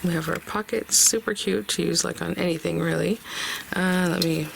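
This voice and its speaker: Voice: mid-range voice, steady tone, moderate pace, vocal fry, a little hiss or hum. A craft tutorial host talking casually step by step and thinking aloud while working.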